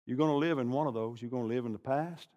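An older man preaching a sermon, animated, swinging from loud bursts to hushed asides. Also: mid-range voice, fast, dull audio. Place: church sanctuary. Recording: long reverb of a large hall.

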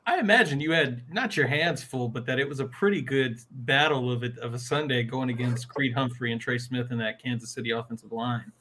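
A man's voice: mid-range voice, brisk, hardly any pauses, noisy background. A man co-hosting a podcast, asking long, rambling questions in a friendly way. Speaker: podcast co-host. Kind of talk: casual interview questions.

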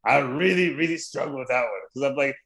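A man's voice: medium pitch, fast talker, a loud crowd. A young man co-hosting a casual podcast chat, talking hesitantly with many repeated fillers and restarts. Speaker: podcast co-host.

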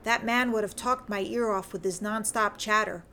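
A woman voicing a gruff, grumbling Scottish man adrift in a story, with a Scottish accent and self-mocking mutter. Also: mid-range voice, steady tone, normal speed, bright, forceful tone, slight background noise. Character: gruff Scottish male sea detective, grumbling. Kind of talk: audiobook character reading.

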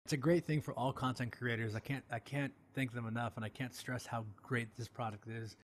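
A man's voice: mid-range voice, fairly even intonation, brisk, slight background noise. A man hosting a podcast, casual and jokey, reading a sponsor spot and laughing often. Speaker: podcast host.

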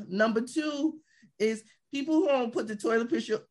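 A woman's voice: fairly high pitch, a little slow. A woman comedian in casual podcast chat, emphatic and repeating her points. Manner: animated, emphatic, repeats herself. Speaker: guest comedian.

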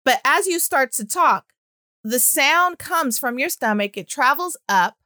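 A woman speech-language pathologist giving a casual, animated talk, with frequent fillers. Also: sits high, unhurried, no room sound, studio quality. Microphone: audio-only recording.

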